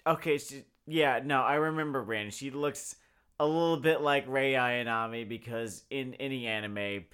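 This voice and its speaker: A tipsy man co-hosting a casual review chat, talking in a halting, hesitant way. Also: mid-range voice, fairly bright tone, clear, resonant tone. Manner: halting, hesitant, full of ums. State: tipsy from drinking. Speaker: podcast co-host.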